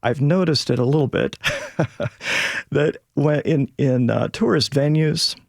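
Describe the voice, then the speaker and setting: A man with a gravelly, creaky voice, speaking close and dry in a radio studio. He explains things in a measured, lecturing way as an expert guest. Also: fairly high pitch, no room sound. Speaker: sociolinguist guest. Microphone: studio mic.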